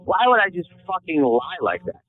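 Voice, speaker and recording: A man hosts a podcast with brash, profane jabs at his guest, and his voice sits a touch higher than most. The sound is thin and narrow, like it is coming through a phone line. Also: sing-song, normal speed. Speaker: podcast host. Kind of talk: crude comedic banter. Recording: tinny phone-like audio.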